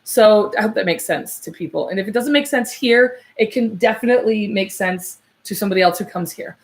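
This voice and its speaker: A woman with a mid-range voice works as a psychic medium and gives a live reading. She hesitates and searches, restarting often and using many fillers, but she slows down and softens when passing messages along.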